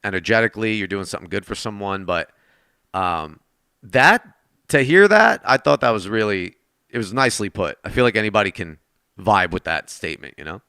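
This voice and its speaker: A man's voice: lowish voice, big pitch swings, a little fast, bright, forceful tone, smooth, dry recording, studio quality. A man streaming a game and chatting casually with his viewers, thanking donors and talking straight to chat from his desk.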